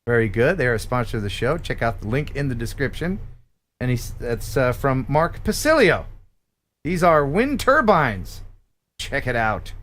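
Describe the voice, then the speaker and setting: Animated man hosting a stream. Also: medium pitch, normal speed, a little hiss or hum. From Philadelphia. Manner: chatty, laughs easily, reads viewer emails aloud. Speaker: host. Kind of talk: casual live-stream chat.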